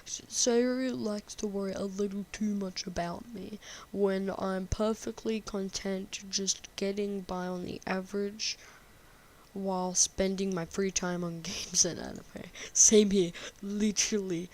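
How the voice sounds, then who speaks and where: A woman's voice: mid-range voice, steady tone, slow, a little mellow. A woman giving casual, sarcastic gameplay commentary and reading game text aloud, swearing freely. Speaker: game streamer.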